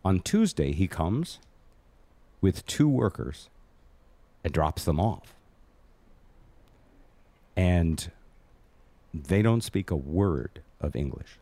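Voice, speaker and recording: A man's voice: sits low, big pitch swings, slow, long pauses, mellow, no echo. A man hosting a casual podcast chat, telling a long rambling story and poking fun at himself. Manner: rambling, self-mocking storyteller. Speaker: host.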